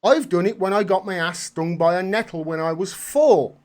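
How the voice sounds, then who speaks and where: A man hosting a live video call, talking animated and swearing freely as he rants. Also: high voice, normal speed. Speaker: host. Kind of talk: casual chat.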